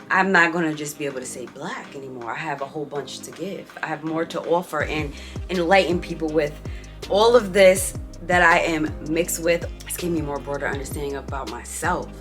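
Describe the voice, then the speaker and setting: Low-voiced chatty woman vlogger. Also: a bit bright. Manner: chatty, reads out results with playful asides. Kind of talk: casual vlog chat.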